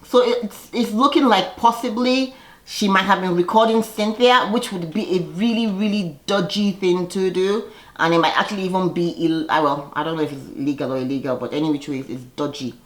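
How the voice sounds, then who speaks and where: A woman's voice: lowish voice, steady tone, brisk, reverberant. A woman casually recapping a reality TV episode, chatty and sassy, laughing often and acting out quoted lines.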